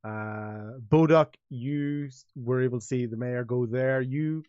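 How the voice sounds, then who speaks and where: A man's voice: medium pitch, measured pace, a little mellow, smooth, dry recording, highs cut off. Rambling male game master, dry sound. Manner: rambling, full of restarts, voicing many characters. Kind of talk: narrating a tabletop game.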